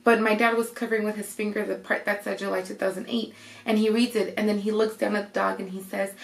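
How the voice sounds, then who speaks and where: A young woman vlogger casually telling a personal story, retelling it with lively quoted voices. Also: medium pitch, fast, gravelly. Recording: roomy echo.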